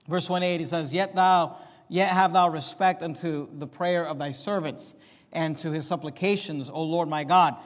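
A man preaching a sermon, reading scripture aloud and explaining it with emphatic pauses. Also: sits high, big-room sound. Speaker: pastor.

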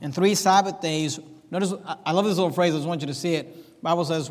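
High-pitched pastor guy preaching, hammering the same phrases over and over, church echo hanging on. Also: quick pace. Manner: emphatic, repetitive preaching cadence. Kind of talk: sermon. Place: church sanctuary.

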